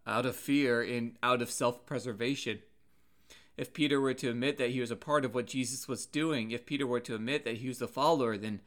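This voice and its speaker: An earnest man delivering a sermon at a measured pace. His voice sits in an ordinary middle pitch, and he pauses and restarts words as he works through his points. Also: a bit bright. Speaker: preacher.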